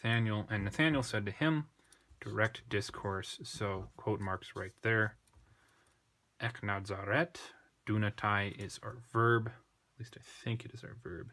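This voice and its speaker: A man teaching a language lesson, working slowly through a text, thinking aloud and correcting himself as he goes. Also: on the low side, fairly bright tone. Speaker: Greek tutor. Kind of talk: unscripted screen lesson.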